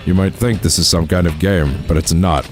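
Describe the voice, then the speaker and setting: A man plays a gruff yakuza man in a very deep, low voice. He speaks bluntly and tersely, with flat disapproval, over faint music. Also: normal speed, lightly acted. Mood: stern.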